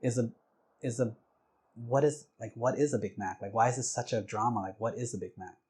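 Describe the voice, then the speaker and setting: A man voicing a gentle older mother who asks her questions innocently, in a soft, higher voice. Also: fairly even intonation, fairly quick, husky, lightly acted. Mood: puzzled.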